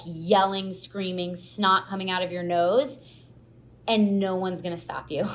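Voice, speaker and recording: A young woman hosts a podcast in a candid, confessional monologue. Her voice sits a bit low for a woman. She tells stories expressively and with animation. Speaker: podcast host.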